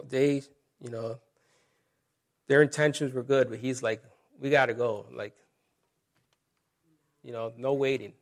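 A man's voice: mid-range voice, a little mellow. A middle-aged male pastor preaching a sermon in a conversational way, with asides and scripture reading.

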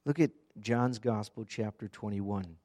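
A man's voice: on the low side, unhurried, darkish tone. A man preaching an earnest, conversational sermon, often asking the congregation direct questions. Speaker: pastor.

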